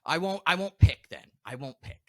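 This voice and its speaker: A man's voice: on the high side, moderate pace, no echo, studio quality. A man hosting a podcast, chatting casually and telling stories with exaggerated complaints. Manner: animated storyteller, exaggerated complaints. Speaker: podcast host. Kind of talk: casual chat.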